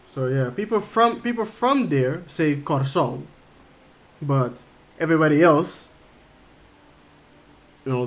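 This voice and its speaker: Chatty man streaming a game. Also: mid-range voice. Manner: rambling, chatty, thinking aloud. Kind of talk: casual livestream chat while gaming.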